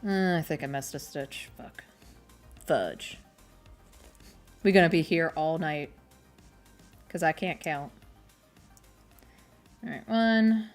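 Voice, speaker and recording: A young woman with a fairly low voice chats in a loose, rambling way, cracking jokes at her own expense. Soft music plays faintly behind her. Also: expressive, slow pace, pauses often. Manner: rambling, chatty, self-deprecating. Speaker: streamer. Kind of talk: casual chat while crocheting.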